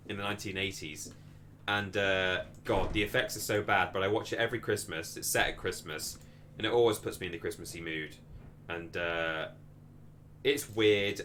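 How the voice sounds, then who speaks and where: Male streamer, lowish and bright, casual and rambling, faint music behind. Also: slight background noise. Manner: rambling, thinking aloud, reading out viewer donations. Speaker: livestream host. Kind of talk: casual live-stream chat.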